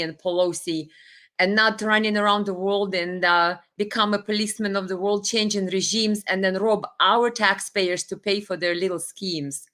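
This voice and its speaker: Brief: woman livestream host, earnest and heartfelt, mid-pitched, webcam sound, close to tears. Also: fairly bright tone. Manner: earnest, heartfelt, reads viewer comments aloud. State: tearful. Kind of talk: emotional livestream talk.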